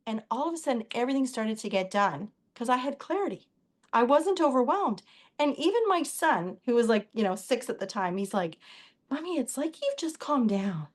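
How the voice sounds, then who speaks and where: A woman guest on an interview show, telling stories in a chatty, animated way. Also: on the high side, brisk. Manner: animated, chatty, quotes others in dialogue. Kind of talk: casual interview storytelling.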